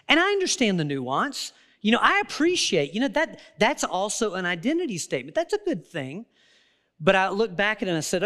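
A man's voice: sits high, huge pitch swings, fairly quick, pushed and bright. A man preaching a sermon as pastor, earnest and conversational, often restarting his sentences. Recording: long reverb of a large hall.

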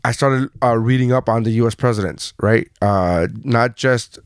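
A man co-hosting a casual podcast, swearing freely and telling stories with animated energy. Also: mid-range voice, moderate pace, smooth, no echo, clean studio sound. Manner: profane, animated storytelling. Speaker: podcast co-host. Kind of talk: casual chat.

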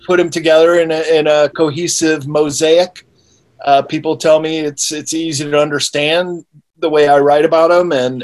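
A man who is an author, a guest in an interview, explaining his ideas steadily with small restarts. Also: on the high side.

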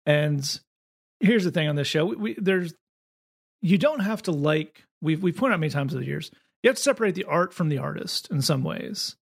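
A man with a Southern accent co-hosting a podcast, talking quickly and wryly in casual comedic chat. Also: on the high side, animated, gravelly. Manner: quick, wry, with frequent restarts. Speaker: podcast co-host.

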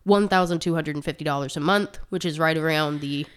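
A woman's voice: deep voice, brisk, clean tone. Chatty woman reading stats, a bit breathless. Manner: chatty, reads out statistics with asides. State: short of breath. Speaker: podcast co-host. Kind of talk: casual chat.

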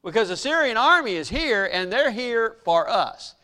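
A man voicing a fearful young male servant who cries out loudly and pleads during a sermon. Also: high-pitched, sing-song, moderate pace, full character voice. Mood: alarmed.

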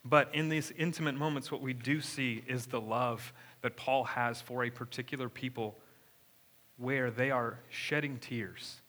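A young male pastor preaches a sermon in a church sanctuary, keeping it conversational and posing questions to the congregation. His mid-range voice is a bit bright, with fairly even intonation and a measured pace.

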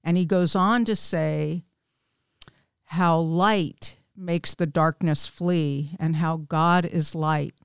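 A woman's voice: lowish voice, clear, resonant tone, dry recording, clean studio sound. A woman in her fifties, a small group leader, candidly telling a personal faith story with self-deprecating humor. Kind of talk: personal testimony in casual chat.

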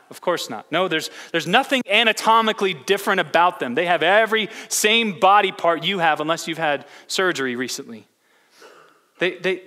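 A man's voice: high voice, sharp tone. A man preaching a sermon as pastor, telling a story with many restarts and repeated words. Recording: long hall reverb.

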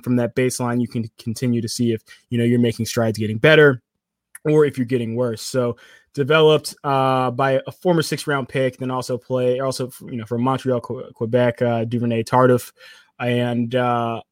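A man co-hosts a sports technology podcast, chatting casually at length with frequent restarts and self-corrections. His medium-pitched voice is flat and moves at a normal speed, captured in a dry, studio-quality recording. He rambles, corrects himself, and tosses in playful asides.

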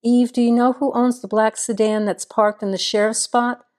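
A woman's voice: on the high side, fairly even intonation, normal speed, a little mellow, natural voice. A woman reading the part of a frustrated small-town deputy, a grown man, in an audiobook. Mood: wry.

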